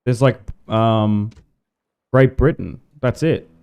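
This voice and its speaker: A man's voice: mid-range voice, slow pace, a little mellow, clear, resonant tone, dull audio, faint music behind. A man from Tasmania with an Australian accent, chatting casually to his live chat while playing a strategy game, rambling with lots of fillers. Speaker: gaming livestreamer.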